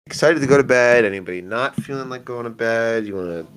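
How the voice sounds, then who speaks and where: A man's voice: mid-range voice, quick pace, crowd noise. A man narrating as game master in a casual, playful, rambling way, with many fillers.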